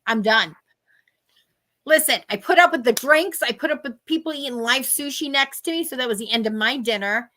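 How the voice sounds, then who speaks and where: Female co-host, high and bright, lively casual storyteller who mimics others. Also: normal speed. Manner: animated storyteller, acts out other people's lines. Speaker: podcast co-host.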